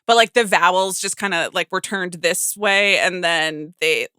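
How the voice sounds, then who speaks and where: A woman's voice: on the low side, measured pace, pushed and bright, clean tone, no echo. A woman hosting a podcast in casual, chatty conversation, agreeing often and thinking aloud. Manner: chatty, agreeable, lots of fillers. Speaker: podcast host. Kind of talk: casual chat.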